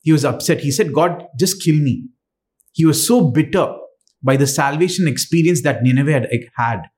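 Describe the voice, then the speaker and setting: A man preaching a sermon, earnest and halting, with frequent fillers and restarts. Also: a little high, a little mellow.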